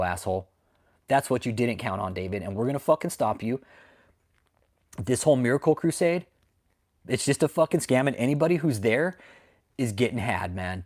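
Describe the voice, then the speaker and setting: A man hosting a livestream, ranting angrily and swearing, with sudden loud outbursts as he answers the chat. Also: medium pitch. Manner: reads and answers live chat. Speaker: livestream host. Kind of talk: profane livestream commentary.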